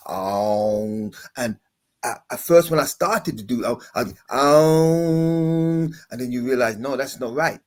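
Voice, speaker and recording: A man with a husky, mid-range voice speaks as a pastor guest on a panel. He explains things in a halting, conversational way, restarting often and breaking into sung demonstrations.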